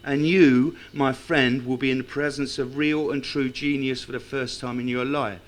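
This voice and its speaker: A man's voice: medium pitch, steady tone, normal speed. A man speaking at a tribute evening, reciting a tribute poem and telling wry, self-mocking anecdotes to a live audience. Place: club function room with live audience.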